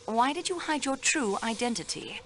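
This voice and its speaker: An actress playing a sharp young female railway clerk questioning suspects in a video game, precise and polite. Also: on the high side, expressive, normal speed, a little hiss or hum. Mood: pressing.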